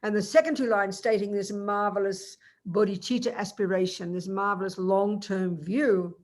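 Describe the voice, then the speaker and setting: A woman's voice: medium pitch, steady tone, moderate pace, darkish tone. Woman buddhist teacher, chatty, keeps asking the class stuff like "do we?". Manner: chatty, asks listeners rhetorical questions. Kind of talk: informal dharma teaching.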